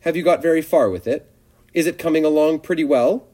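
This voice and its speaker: A man's voice: a little high, a little fast, mellow, voice pushed up, natural voice. A man reading a storybook aloud, voicing a young male pig who is anxious and eager, with pleading, rising questions.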